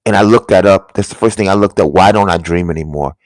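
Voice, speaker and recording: Man with a lowish voice for an earnest, halting vlog story, dropping to a hush at the tense parts, dry close sound. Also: dry recording. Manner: earnest, halting, drops to a hushed voice at tense moments. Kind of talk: casual storytelling to viewers.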